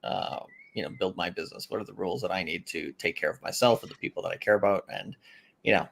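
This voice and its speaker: Gravelly man in casual chat. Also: deep voice, fast talker, a bit bright. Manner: rambling, filler-heavy, easy laughs. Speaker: podcast co-host. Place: house in Japan.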